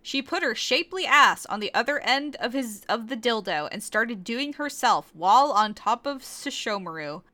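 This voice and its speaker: A woman's voice: fairly high pitch, expressive, moderate pace, hardly any pauses, sharp tone. A woman podcast host doing a mock-serious comic reading of fan fiction, with giggly asides.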